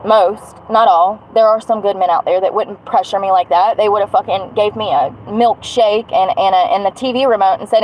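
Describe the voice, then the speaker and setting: A woman's voice: mid-range voice, steady tone, moderate pace, hardly any pauses, darkish tone, a little hiss or hum, low-quality recording. A woman venting bluntly on a livestream, swearing as she rants. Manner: angry, blunt, swearing rant. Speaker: vlogger.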